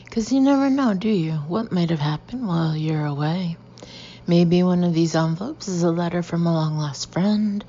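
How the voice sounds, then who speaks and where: A woman narrating a first-person audiobook expressively, with lively, dramatic delivery and whispered asides. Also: lowish voice, highs cut off, slight background noise.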